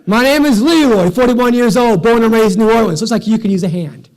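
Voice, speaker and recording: A man playing a big, friendly man in his forties who booms and shouts. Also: quick pace. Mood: cheerful. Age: 40s. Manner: booming shout. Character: big, loud, friendly New Orleans man.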